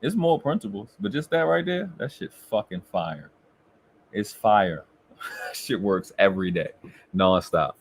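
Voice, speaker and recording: A man's voice: fairly low pitch, lively intonation, measured pace, gravelly. Boastful, profane man on a live stream. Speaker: co-host. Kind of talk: casual live-stream chat.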